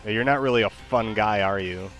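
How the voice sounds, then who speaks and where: Man, lowish voice, playful, halting, fillers, casual chat, faint music. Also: fairly bright tone. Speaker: user chatting with an AI.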